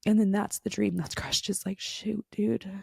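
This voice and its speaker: A woman's voice: mid-range voice, fairly quick, creaky, mellow, slightly rough, no echo, studio quality. A woman hosting a podcast, telling a frustrated story in a casual monologue full of fillers. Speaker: podcast host.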